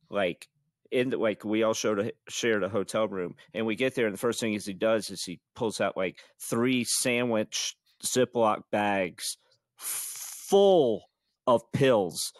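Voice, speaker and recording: A man's voice: fairly low pitch, dry recording, studio quality. A man hosting a podcast, telling a story in a casual, rambling way and laughing often. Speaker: podcast host.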